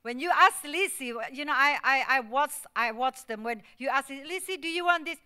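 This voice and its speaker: Bright clear woman preaching emotionally. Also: sits high, moderate pace. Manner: emotional storytelling with non-native English; acts out quoted voices in the story. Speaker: guest speaker at church. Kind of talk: Mother's Day sermon. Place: church.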